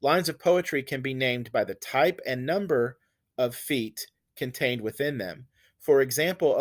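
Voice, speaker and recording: A man giving a recorded literature lecture, patiently explaining poetic meter and reassuring his students. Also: fairly high pitch. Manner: patient and reassuring, slow and deliberate, counts out stresses. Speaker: literature teacher.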